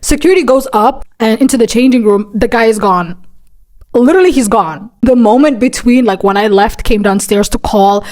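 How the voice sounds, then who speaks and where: A woman's voice: fairly high pitch, moderate pace, a little mellow. A young woman telling a storytime vlog in a rambling, chatty way, full of "like" and "right?", dramatic and swearing often. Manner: profane, dramatic. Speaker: vlogger.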